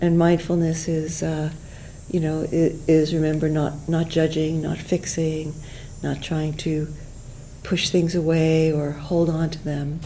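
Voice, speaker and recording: Soft-spoken woman teaching mindfulness. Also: sits low, slight background noise, rough recording. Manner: gentle, unhurried, many fillers and restarts. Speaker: meditation teacher. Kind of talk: guided mindfulness talk.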